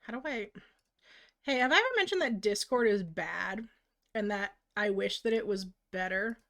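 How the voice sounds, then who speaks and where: A woman streamer chatting casually while she draws, bubbly and quick to laugh. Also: medium pitch, lively intonation, vocal fry, fairly bright tone. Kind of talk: casual livestream chat.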